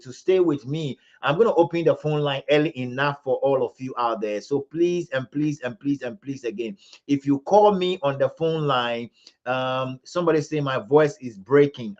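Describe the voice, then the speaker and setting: A Ghanaian man hosts a live commentary stream in a mid-pitched voice. He loops back on his words with stammered restarts and presses hard on points that outrage him. The audio is slightly dull and lo-fi. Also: a little mellow. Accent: Ghanaian English. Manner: repetitive, stammering restarts, rising to indignant emphasis. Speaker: livestream host.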